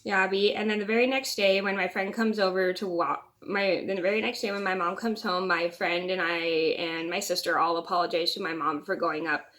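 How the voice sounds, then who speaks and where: A woman's voice: fairly low pitch, steady tone, a little fast, hardly any pauses, fairly bright tone. A young woman vlogger telling a personal story in a casual, rambling way, often restarting and repeating words.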